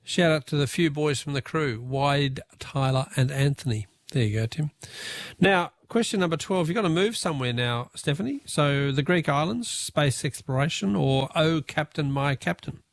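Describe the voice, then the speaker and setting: A man with an Australian accent hosting a radio quiz, jovial and quick-talking, chuckling between callers. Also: fairly high pitch, no room sound.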